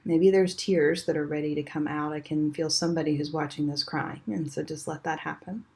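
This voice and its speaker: Calm woman talking you thru a meditation, slow and soft, kinda low voice, fades out at the ends. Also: creaky. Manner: soft, slow and soothing, trailing off quietly at phrase ends. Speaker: energy healing teacher. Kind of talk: guided meditation.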